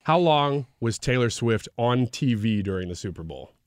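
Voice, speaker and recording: A man's voice: medium pitch, animated, moderate pace, no echo, studio quality. A man hosting a radio talk show, chatting casually and playfully quizzing his co-host. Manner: playful quizzing, laughs easily. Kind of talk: casual chat. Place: radio studio.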